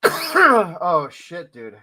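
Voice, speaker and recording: A man's voice: sits high, huge pitch swings, drawn-out words, sharp tone. A man in casual chat, joking and laughing easily, with a phlegmy cough. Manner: jokey, laughs easily, tells jokes too.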